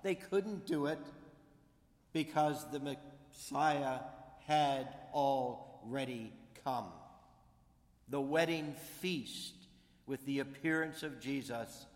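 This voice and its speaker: Slow, deliberate male preacher in a hall. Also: mid-range voice. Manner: slow, deliberate, emphatic pulpit delivery. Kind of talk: sermon. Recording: long reverb of a large hall.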